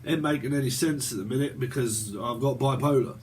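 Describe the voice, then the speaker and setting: A British man in his forties gives a rambling, profane tarot reading, laughing often as he goes. His voice is mid-range and fairly quick, with slight background noise in this casual monologue.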